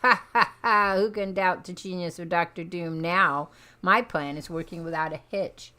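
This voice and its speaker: A woman's voice: fairly low pitch, fairly even intonation, moderate pace, sharp tone. A woman voicing a boastful, cackling male supervillain mastermind while reading a comic book aloud. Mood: gloating. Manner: boastful, cackling, mock-polite.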